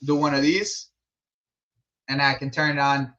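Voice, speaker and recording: A young man hosting a football watch-along stream, chatting casually in an animated, slangy way and laughing often. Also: medium pitch, brisk, long pauses, highs cut off. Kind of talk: casual live commentary chat.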